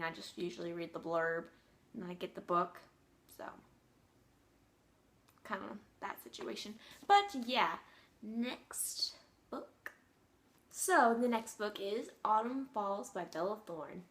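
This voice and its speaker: A bubbly teenage girl rambling about her latest book haul. She gushes and trails off into fillers, her voice sitting at an ordinary middle pitch for a young woman. Casual, unscripted vlog chatter. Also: a bit bright. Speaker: book vlogger.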